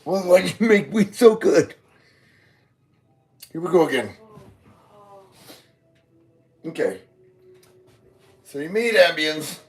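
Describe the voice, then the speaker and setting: A man high on weed, rambling goofily in a meandering monologue addressed to God. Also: animated, a little slow, long pauses, breathy edge. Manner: goofy, meandering, talks to God. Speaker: vlogger. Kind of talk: rambling stream-of-consciousness monologue.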